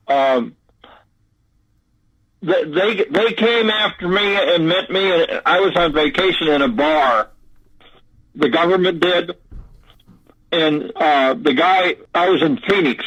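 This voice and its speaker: A man's voice: fairly high pitch, a bit bright. Older man, muffled phone line. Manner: halting, repeats words, drawling. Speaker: guest recounting an encounter. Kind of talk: casual storytelling.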